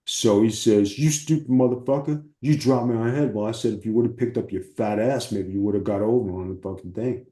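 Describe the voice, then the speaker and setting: A man with a low, dark voice tells his stories in an animated, salty way, often putting on the voices of the people in them. The sound is roomy and echoey. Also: brisk, few pauses. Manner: animated, profane storytelling with acted quotes. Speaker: interview guest, former wrestler. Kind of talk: casual storytelling.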